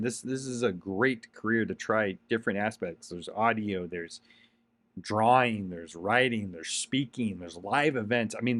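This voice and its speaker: A man talks straight to listeners in an earnest motivational rant, circling back on his points and pressing them with emphasis. His voice sits at an ordinary middle pitch. The recording is dry and close, with no room around it. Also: fairly bright tone, dry recording. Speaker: podcast host. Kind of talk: motivational monologue.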